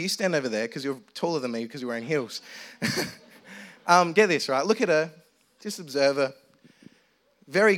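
A man's voice: on the high side, fairly bright tone. A young man preaching a sermon, telling a funny story in a playful, self-mocking, chatty way with the congregation.

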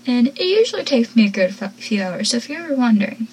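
A woman casually recapping a TV episode from her notes as a gushing fan, soft-spoken and often dropping to a whisper. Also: on the high side, big pitch swings, quick pace, a little hiss or hum, rough recording. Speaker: show recap vlogger.

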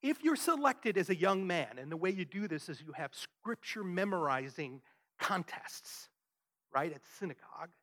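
Male pastor, animated sermon delivery, lively pitch swings. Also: moderate pace. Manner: emphatic, rhetorical questions, frequent "right?".

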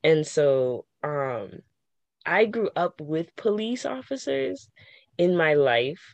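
A young woman in casual conversation, talking in an animated way with quick restarts and frequent laughter. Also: sits low, no echo.

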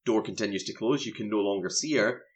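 A man's voice: fairly low pitch, fast, dull audio. A man, co-hosting a casual film review chat and animatedly recapping scenes. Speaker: film podcast co-host.

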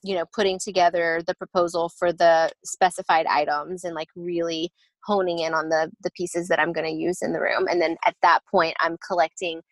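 A woman's voice: fairly low pitch, little pitch movement, brisk, dry recording, poor audio. Woman, designer type, casual explainer with lots of ums and restarts; dry close sound. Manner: chatty, explanatory, many fillers and restarts. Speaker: interior designer. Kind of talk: casual podcast interview.

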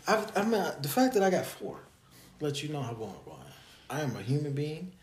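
A man in his thirties, a podcast co-host in casual chat, telling stories with jokes and a deadpan streak. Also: on the high side, quick pace. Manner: animated, joking storyteller with a deadpan streak. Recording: echoey room.

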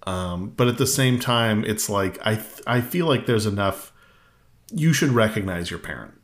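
A man's voice: fairly low pitch, animated, moderate pace. A man co-hosting a casual podcast, retelling scenes with wry humor and mocking quoted voices. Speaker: podcast co-host. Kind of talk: casual movie review chat.

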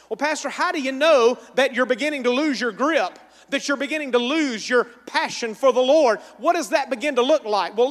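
In an echoing church sanctuary, a high-voiced pastor delivers a sermon in call-and-response style that builds to shouts.

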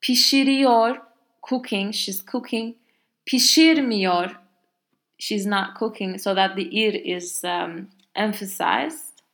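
A woman's voice: medium pitch, fairly even intonation, takes it slowly, vocal fry, a bit bright. A woman with a Turkish accent, a native Turkish speaker, explaining grammar in a casual language lesson with many fillers and exaggerated example words. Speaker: language teacher.

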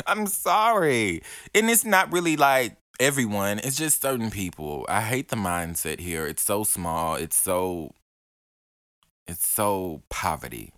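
A man's voice: on the low side, lively intonation, a little slow, a bit bright, no echo, clean studio sound. A young man, ranting profanely and hurling mocking insults in a casual podcast monologue. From Alabama. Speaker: podcast host.

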